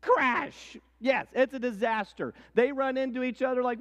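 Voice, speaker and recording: High-voiced man telling history in a hall. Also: moderate pace, hardly any pauses, dull audio. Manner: storytelling, swings between hushed and excited. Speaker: teacher. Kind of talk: animated history lesson with acted quotes. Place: church hall. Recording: long hall reverb.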